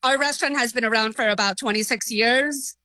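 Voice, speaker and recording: A woman who runs a restaurant, talking in an interview about a match she watched, excited and gushing, quick to laugh. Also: a little high, dry recording. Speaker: restaurant owner and football fan. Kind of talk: phone interview.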